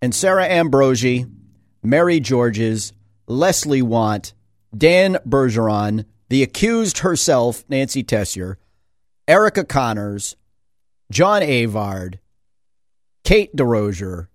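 A man's voice: mid-range voice, sing-song, slow, dry recording, clean studio sound. A man who sits on a school board, giving a sarcastic opinion monologue full of rhetorical questions. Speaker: school board member and commentator.

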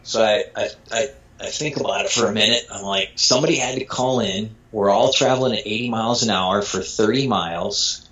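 A man from Michigan telling a casual story with animated delivery, acting out dialogue and swearing freely. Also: lowish voice, fairly quick. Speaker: storyteller guest. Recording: dull lo-fi sound.

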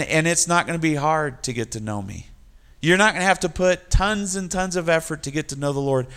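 A man's voice: fairly high pitch, creaky, fairly bright tone. A man preaching a sermon, building to emphatic repeated refrains. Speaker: pastor.

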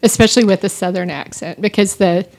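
A woman's voice: medium pitch, fairly quick, darkish tone. A woman in casual podcast chat, talking about a book she is reading and often restarting her sentences. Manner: chatty, restarts often, amused storyteller.

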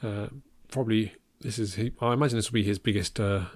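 A man's voice: fairly low pitch, fairly even intonation, quick pace, no echo. Dry-humoured English man, stammering. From England. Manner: stammering restarts, dry humour, frequent laughs. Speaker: podcast co-host. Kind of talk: casual chat.

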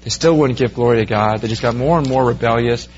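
A man preaching a sermon verse by verse, growing animated as he pictures the scene for his listeners. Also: mid-range voice, fast, muffled recording, a little hiss or hum. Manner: animated, rising to excited storytelling. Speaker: pastor.

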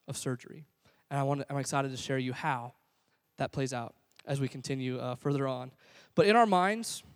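A man preaching a sermon, telling stories and swinging between loud animated passages and hushed ones. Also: on the high side, in a large hall. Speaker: pastor.

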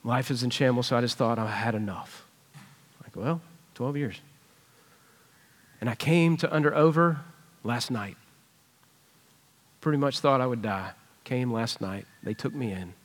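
A man's voice: medium pitch, measured pace, pauses often. A man preaching a sermon in a church, conversational and earnest as he retells a personal story. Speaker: pastor. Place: church sanctuary.

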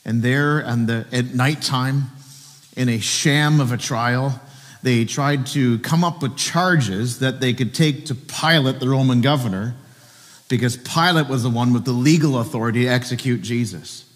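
A male pastor preaching a sermon with animated storytelling and joking asides. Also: medium pitch, measured pace, in a large hall.

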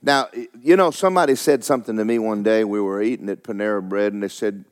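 A middle-aged man preaching a sermon, swinging between loud fervent exhortation and soft asides. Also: fairly low pitch, quick pace, few pauses. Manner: animated preaching, rising to near-shouts, then dropping soft. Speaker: pastor.

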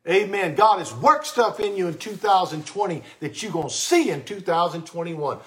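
Pastor guy preaching hard on a church mic, gets fired up then goes soft and close. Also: sits high, normal speed, few pauses. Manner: fervent, rising to excited shouts then dropping to soft, intimate tones. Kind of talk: sermon. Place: church sanctuary.

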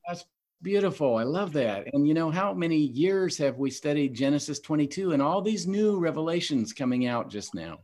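A man's voice: a little high, animated, moderate pace, darkish tone. Earnest preacherly man hosting. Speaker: host. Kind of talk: Bible teaching podcast.

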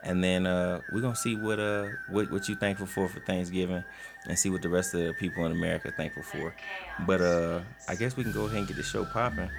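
A man's voice: low-pitched, fairly even intonation, quick pace, creaky. A man hosting a podcast, bantering loosely and laughing often with his co-hosts. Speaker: podcast host. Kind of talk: casual banter.

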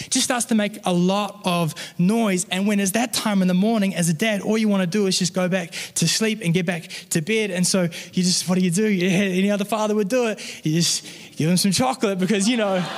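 A man's voice: high-pitched, long reverb tail. A man in his thirties, a pastor, giving an earnest, conversational sermon with personal stories.

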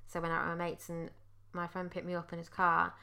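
A woman from Wales chats on a podcast with a bright, forceful voice pitched a little low. She tells stories loosely, swears easily and pokes fun at herself. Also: completely flat delivery, quick pace, vocal fry. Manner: chatty, swears casually, self-mocking. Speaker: podcast co-host. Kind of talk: casual chat.

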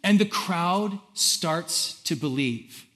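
A man preaching a sermon as pastor, conversational and animated, reading scripture aloud and acting out how the crowd reacted. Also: high voice, extremely slow.

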